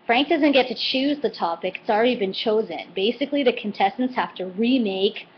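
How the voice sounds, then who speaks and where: A woman's voice: a little high, fairly quick. A woman vlogger chatting casually and animatedly as she recaps a TV cooking show episode. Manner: chatty and animated, quoting with put-on voices. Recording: slightly dull lo-fi home recording with faint noise.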